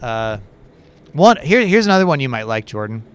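Man, podcast co-host, chatty storyteller, smooth clear voice. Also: mid-range voice, moderate pace. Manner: animated, chatty, lots of fillers and laughs. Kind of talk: casual storytelling chat.

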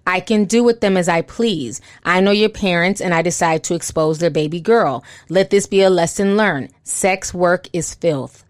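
A woman reading out a smug, cruel man's taunting posts in a slow, cold, mocking tone. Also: on the low side, no room sound, studio quality, natural voice.

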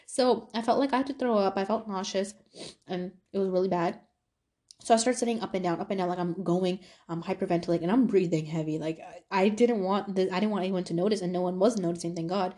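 A young woman hosting a podcast, telling a personal story in a casual, animated way with lots of fillers. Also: mid-range voice, fairly quick. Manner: animated, talkative, many fillers. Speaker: podcast host.

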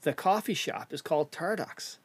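A man's voice: a little high, lively intonation, moderate pace, a crowd in the background. Upbeat man on a podcast. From Newfoundland, Canada. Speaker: podcast guest. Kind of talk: casual chat.

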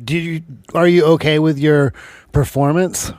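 A man's voice: a little high, steady tone, a little slow, a little mellow, no echo, clean studio sound. A man co-hosting a casual comedy podcast, reacting briefly and asking wry questions. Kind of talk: casual chat.

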